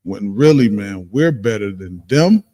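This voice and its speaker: A man with a Detroit accent telling stories and preaching in a casual, animated way during a livestreamed class, acting out what people said. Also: lowish voice, a little slow, in a large hall. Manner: animated, acts out quoted exchanges, laughs often. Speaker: speaker in a livestreamed religious class.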